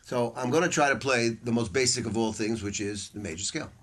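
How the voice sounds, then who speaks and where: A man's voice: medium pitch, fast. An older man giving a saxophone masterclass to a live audience, telling stories in a casual, profane way, acting out voices and laughing often. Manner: animated, acts out quoted voices, laughs often. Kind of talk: casual, profane storytelling lecture. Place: music store hall with a small audience. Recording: faint background noise and clicks.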